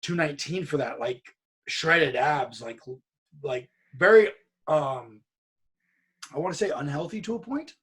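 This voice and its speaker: A man's voice: a little high, animated, measured pace, long pauses, a bit bright, slightly rough. A man from California telling a story in a casual podcast chat, acting out what other people said. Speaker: podcast guest.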